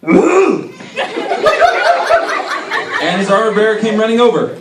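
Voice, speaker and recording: A man's voice: sits high, very animated, slow pace. A man co-narrating a Bible story for children in a live skit, playful and talking to the kids. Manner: playful, with joking asides to the kids. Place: church hall with children. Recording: echoey hall, far mic, loud crowd and noise.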